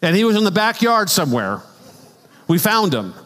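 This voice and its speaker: Speaking at a moderate pace in a high voice, this male pastor delivers a conversational sermon full of stories. His lively storytelling includes casual asides and laughter, echoing with long reverb through the church sanctuary.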